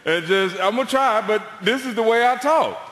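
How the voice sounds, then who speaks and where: A man from the American Deep South with a Southern accent, doing a stand-up comedy set on stage with lively storytelling and deadpan punchlines. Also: normal speed, very noisy. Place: large theatre on stage, audience laughing. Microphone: stage microphone. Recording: echoey theatre hall with long reverb.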